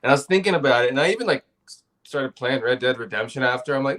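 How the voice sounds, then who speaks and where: A man's voice: medium pitch, lively intonation, quick pace, a bit bright. A man in casual podcast conversation, telling stories in a laid-back, profane way with frequent laughs.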